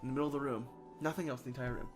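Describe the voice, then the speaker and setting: A man's voice: mid-range voice, fairly even intonation, racing, over music. A man co-hosting a comedy podcast, telling an improvised story and laughing at his own jokes.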